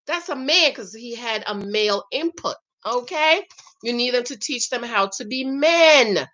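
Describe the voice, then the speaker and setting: A woman's voice: high voice, pushed and bright. A woman vlogger chatting casually while reading viewer comments, emphatic and talkative, often adding "okay?". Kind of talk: casual live-stream chat.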